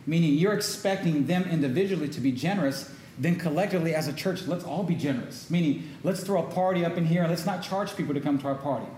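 A middle-aged male pastor preaches a sermon in a relaxed, conversational way, his fairly high voice slightly raised. He pauses for call-and-response asides, asking the congregation for an amen, while the roomy, echoey sound carries a faint hum of ambience.

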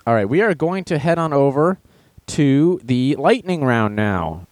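A man's voice: mid-range voice, big pitch swings, measured pace, dry recording. Sarcastic man riffing on headlines. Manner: sarcastic, mocking with put-on voices; reads headlines then riffs on them. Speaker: show host. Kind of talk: casual news commentary.

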